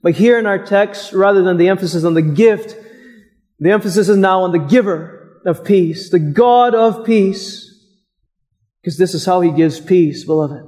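A man preaching a sermon as pastor, slow and deliberate, pausing for emphasis on single words. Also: sits high, a little mellow. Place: church.

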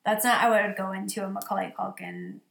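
A woman's voice: mid-range voice, sing-song, fast talker, gravelly, a bit bright, echoey room. A woman co-hosting a podcast, chatting casually with dry, teasing remarks. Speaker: podcast co-host. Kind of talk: casual chat.

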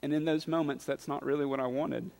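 A man preaching a sermon, building to loud, impassioned peaks. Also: on the high side, fairly even intonation, fairly quick, creaky, big-room sound. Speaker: pastor.

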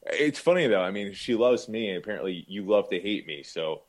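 A man's voice: lowish voice, expressive, brisk, a loud crowd. A younger man co-hosting a podcast, answering teasing in a hesitant, defensive way with stammered restarts. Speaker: podcast co-host. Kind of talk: casual banter.

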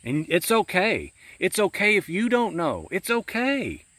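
Earnest man preaching outdoors, lively pitch. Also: unhurried, no room sound. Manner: earnest, pastoral, repeats 'friend' often. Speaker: Christian podcast host. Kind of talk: spontaneous outdoor devotional talk. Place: outdoors in a pasture.

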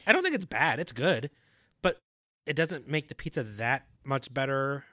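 Young guy co-host, middle pitch, dry sound, laid back and practical. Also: normal speed, no room sound. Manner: calm, matter-of-fact reasoning. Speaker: podcast co-host. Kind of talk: casual chat.

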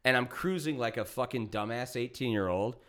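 A man's voice: medium pitch, a little fast. Profane storytelling man, casual podcast host. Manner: profane, animated, acts out quotes.

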